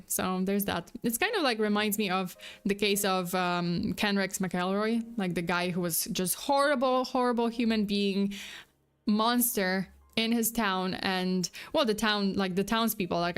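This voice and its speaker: A woman's voice: mid-range voice, clean tone. A woman streaming as a VTuber, chatting casually with her viewers in a rambling way with many restarts. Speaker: VTuber true crime streamer. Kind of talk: casual livestream chat.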